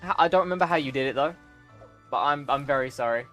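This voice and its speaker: A man's voice: mid-range voice, quick pace, bright, forceful tone, soft background music. A young man streaming a game, reacting emotionally with gasps, laughter and sudden outbursts. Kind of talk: live gameplay reaction.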